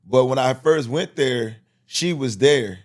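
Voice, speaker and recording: A man talks on a casual podcast. His pitch sits in the middle range. He tells personal stories in a rambling, loose way, restarting his sentences often. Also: takes it slowly. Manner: rambling, storytelling with many restarts. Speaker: podcast co-host. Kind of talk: casual conversation.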